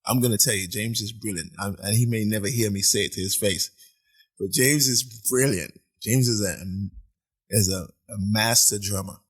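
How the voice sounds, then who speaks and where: Husky-voiced man telling animated stories. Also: fairly low pitch, normal speed. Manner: animated storyteller, acts out quoted voices, laughs often. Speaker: podcast guest, musician. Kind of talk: casual storytelling chat. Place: apartment.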